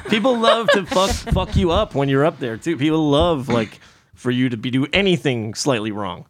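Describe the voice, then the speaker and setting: A podcast co-host in loose, joking conversation, swearing freely. The pitch leaps around with lively swings. The delivery feels animated and irreverent. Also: normal speed, slight background noise. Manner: animated, profane, jokey. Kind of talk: casual chat.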